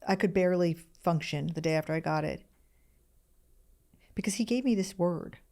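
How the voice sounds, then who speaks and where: A woman's voice: lowish voice, normal speed, warm tone. A woman in her sixties hosting a solo podcast, telling a personal story in a candid, emotional, self-searching way, close to tears at times. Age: 60s. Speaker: podcast host.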